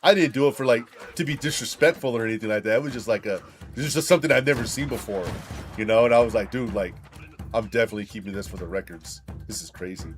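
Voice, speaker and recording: A man's voice: on the low side, quick pace, soft background music. Rambling, profane young man telling a story. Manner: rambling, profane, says "dude" and "like" a lot. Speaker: gaming streamer. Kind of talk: casual storytelling while gaming.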